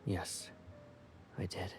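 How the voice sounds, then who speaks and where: An actor voicing a quiet, devoted young man in a game, with a gravelly, soft-spoken delivery. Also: very slow, over music. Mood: quiet devotion. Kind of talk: game voice acting.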